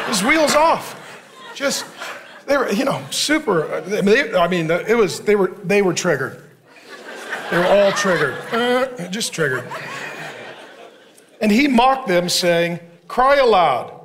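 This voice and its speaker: Animated high-voiced male pastor preaching. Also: a little hiss or hum. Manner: joking, sarcastic asides. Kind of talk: sermon.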